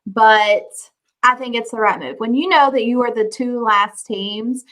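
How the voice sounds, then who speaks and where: A woman's voice: a little high, a little slow, fairly bright tone. A tired young woman co-hosting a show, chatting casually and saying "y'all" a lot. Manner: casual, says y'all often. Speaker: co-host. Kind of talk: casual recap chat.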